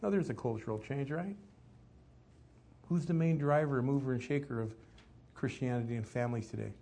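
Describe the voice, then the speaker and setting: Man preaching with soft husky voice. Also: medium pitch, a little fast. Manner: conversational preaching, rhetorical questions, swings from loud to hushed. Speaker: pastor. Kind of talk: sermon.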